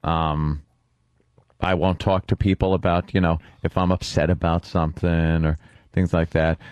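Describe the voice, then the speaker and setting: A man's voice: low-pitched, flat delivery, normal speed, darkish tone, no room sound, muffled recording. A man co-hosting a radio talk show, speaking bluntly and wryly into a studio microphone.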